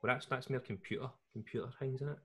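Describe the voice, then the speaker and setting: A man's voice: medium pitch, steady tone, quick pace, pushed and bright. A Scottish man co-hosting a podcast, chatting casually in a jokey, rambling way with lots of restarts. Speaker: podcast co-host. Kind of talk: casual chat.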